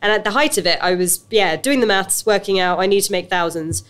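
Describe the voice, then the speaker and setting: A medium-pitched, clean-toned British woman speaks a little fast while recounting her story in a laid-back interview. She's a guest who acts and owns a business, and she keeps restarting and dropping in fillers as she animatedly chats.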